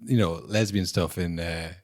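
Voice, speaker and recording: A man's voice: low-pitched, steady tone, moderate pace, a little mellow, dry recording, studio quality. A young man co-hosting a podcast in casual chat, rambling with many "you know"s and acting out short exaggerated bits. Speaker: podcast co-host.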